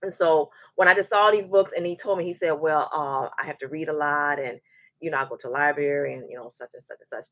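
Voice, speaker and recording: A woman in her forties with a low voice talks fast while hosting a live show, in a dry recording. She chats and tells a story animatedly in a casual livestream, often restarting sentences by repeating words and acting out the voices she quotes.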